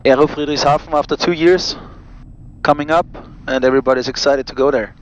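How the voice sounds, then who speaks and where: A man, a pilot and vlog host, reading out cockpit checklists crisply and adding friendly asides to viewers from a small aircraft cockpit. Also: fairly high pitch, steady tone, a little fast, muffled recording, slight background noise.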